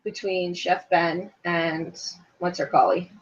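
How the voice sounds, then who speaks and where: A woman in her thirties co-hosts a podcast, bantering casually about reality TV in a blunt, teasing way with playful swearing. Her voice sits fairly low, moves little in pitch, and comes out slowly. It's a dull lo-fi home recording.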